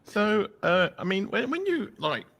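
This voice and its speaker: A man's voice: high-pitched, sing-song, unhurried, gravelly, a bit bright. A male co-host asking questions in a loose, hesitant way with many fillers. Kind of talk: casual interview chat.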